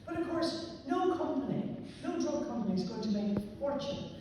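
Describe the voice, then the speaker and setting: A woman giving a public talk on aging to a live audience, explaining emphatically and now and then clearing her throat or coughing. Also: fairly high pitch, animated, normal speed, warm tone, slight background noise. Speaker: lecturer on aging. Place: large warm hall with an audience. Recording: echoey hall, voice from far off.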